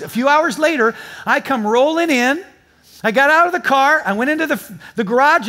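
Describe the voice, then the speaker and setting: Man preaching, high-pitched, tells stories and banters with the congregation. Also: bright, forceful tone. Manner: storytelling, joking with the congregation. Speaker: pastor. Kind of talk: sermon. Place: church before a live congregation.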